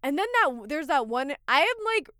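A young woman chatting casually as a podcast co-host, animated and full of "like", slipping into mock voices. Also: sits high, normal speed, no echo, clean studio sound. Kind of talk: casual chat.

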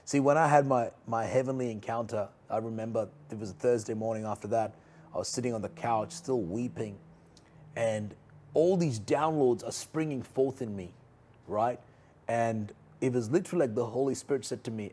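A man in his thirties preaching a sermon, earnest and pleading, repeating key phrases and often dropping to a soft, low voice. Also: expressive, normal speed, slightly rough.

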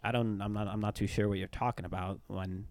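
A man voicing a calm male museum director who speaks in a measured, halting way with a slightly lower voice. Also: vocal fry, no echo. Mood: dismissive.

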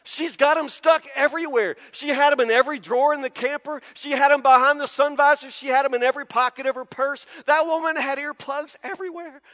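A man preacher delivering a sermon with dramatic, animated storytelling. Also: very high-pitched, a little fast, hardly any pauses, big-room sound. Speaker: pastor.

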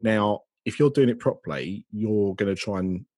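A man's voice: on the low side, moderate pace, a little mellow, breathy edge, no room sound. A man co-hosting a podcast, explaining his views in casual chat. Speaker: podcast co-host.

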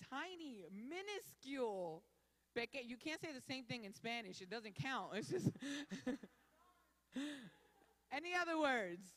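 A woman leads an interactive sermon, playfully repeating the crowd's answers back to them. Her voice is fairly high and swings widely. She talks at an unhurried pace, in a hall with a long reverb. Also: very animated, fairly bright tone. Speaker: speaker leading a church audience. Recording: echoey hall.

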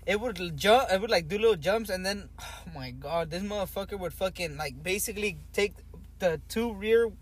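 A young man casually telling a story on a podcast, animated and swearing a lot, full of "like" and "bro". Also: high-pitched, moderate pace, breathy edge. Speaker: podcast host.

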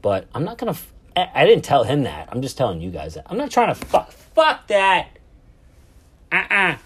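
A man's voice: fairly high pitch, wildly swooping pitch, moderate pace, a bit bright, slight background noise. A man in his thirties casually telling a travel story, rambling and swearing, with lots of fillers and restarts.

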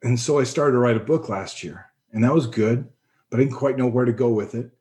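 A middle-aged man giving a personal testimony, earnest and reflective, pausing and restarting as he speaks. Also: medium pitch, mellow. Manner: earnest, reflective, halting with pauses. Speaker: personal storyteller.

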